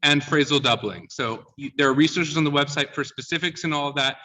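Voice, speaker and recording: A man's voice: fairly high pitch, brisk, bright, forceful tone. A man coaching a class on sung diction, explaining points and quizzing the students, often checking in with "yeah?". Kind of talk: teaching a class. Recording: distant, dull lo-fi sound.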